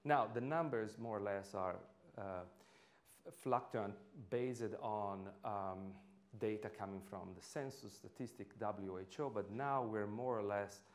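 Italian guy lecturing into a stage mic, lowish voice, lots of uhs and restarts. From Italy. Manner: halting, with frequent fillers and restarts. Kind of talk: public lecture. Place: lecture hall. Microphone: stage microphone.

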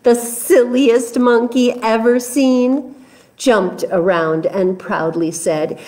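A woman, a children's librarian, reading picture books aloud at story time in an animated, coaxing way. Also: on the high side, slow.

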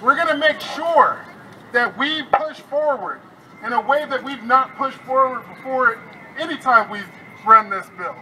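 Very bright, high-voiced man rallying. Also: a little slow, slight background noise, low-quality recording. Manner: fiery, repetitive, rousing. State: frustrated. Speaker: state legislator. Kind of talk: rally speech. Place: outdoors at a rally.

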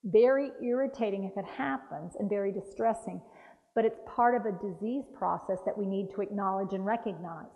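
A woman dementia care trainer giving a lively talk, acting out patient voices. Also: medium pitch, brisk. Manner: animated, acts out patient voices. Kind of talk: lively training talk with role-play demonstrations. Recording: dull roomy hall recording.

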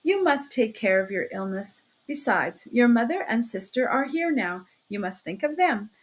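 A woman's voice: a little high, animated, moderate pace. A woman reading aloud as a talkative, sly male criminal investigator who chats in a chummy, insinuating way. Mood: genial, teasing. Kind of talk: audiobook reading.

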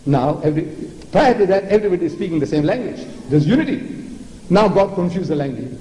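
Older male orator from South Africa, sarcastic and theatrical, high warm voice, echoey hall. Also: animated, fairly quick. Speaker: lecturer. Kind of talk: public religious lecture. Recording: echoey lecture hall with faint noise.

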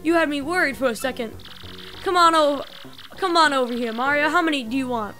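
A woman's voice: high voice, brisk, sharp tone. A woman reading the lines of an old male mob boss from a video game, in a tough-guy drawl, over faint game music. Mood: jovial.

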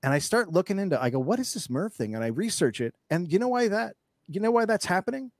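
A man's voice: high-pitched, expressive, fast talker, no room sound, clean studio sound. A man speaking as an interview guest in casual chat, ranting with anger and profanity and telling stories animatedly, with frequent restarts.

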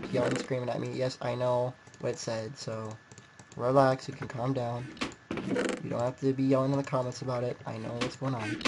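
A young man giving casual, rambling gameplay commentary, poking fun at himself and getting excited. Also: medium pitch, a little hiss or hum. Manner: rambling, self-mocking, excitable. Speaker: gaming video creator.

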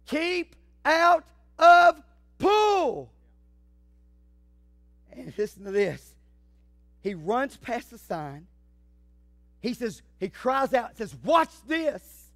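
A man preaching a fiery sermon, swinging from shouts to hushed asides. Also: high-pitched, very animated, slow, pauses often, no echo. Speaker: pastor.

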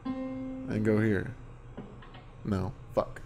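A man's voice: lowish voice, little pitch movement, vocal fry, music in the background. A young man co-hosting a let's play, chatting dryly and giving blunt directions. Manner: dry, unhurried, gives blunt directions. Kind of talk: casual gameplay commentary.

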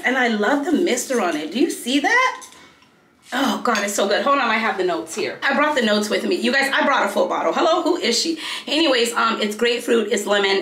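A woman's voice: medium pitch, reverberant. A woman in her thirties, a beauty vlogger chatting casually while getting ready, telling stories and jumping from topic to topic. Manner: chatty, animated storyteller who jumps between topics.

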